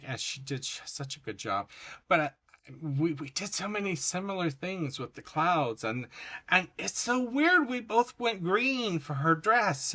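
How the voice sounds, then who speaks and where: A man's voice: mid-range voice, pushed and bright. A man hosting a coloring channel, chatting in a rambling, effusive way about his finished pages. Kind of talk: casual chat showing finished coloring pages.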